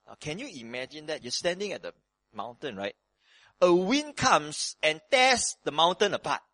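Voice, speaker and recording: A man preaching a sermon on a Bible passage, animated and dramatic, moving between loud emphasis and hushed tones, with casual asides to his listeners. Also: a little high, moderate pace, no room sound. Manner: conversational asides with frequent "you know" and "right".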